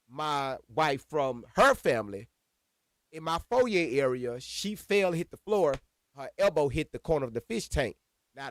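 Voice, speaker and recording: A man casually telling a personal story to viewers, animated and profane, calling them y'all. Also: mid-range voice, no echo, studio quality. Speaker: storyteller recounting a personal incident.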